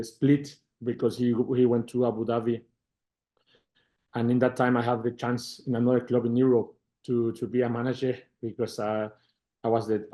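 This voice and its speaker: A middle-aged Mexican Spanish-accented football manager, with a mid-range voice, works through interview questions in halting English. He repeats himself word by word and livens up when retelling exchanges.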